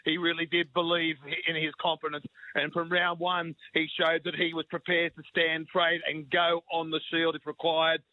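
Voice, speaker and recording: A man's voice: on the high side, monotone, moderate pace, hardly any pauses, dry recording. A man calling in to radio, amazed but breaking the fight down. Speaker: podcaster, radio caller. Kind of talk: phone-in boxing analysis. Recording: dry tinny phone line.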